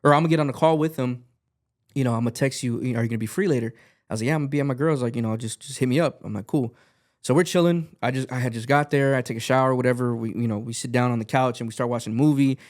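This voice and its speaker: A man's voice: medium pitch, racing, darkish tone. A man, a podcast guest and music artist, telling a rambling story in a casual chat, full of fillers and swearing, acting out the lines he quotes.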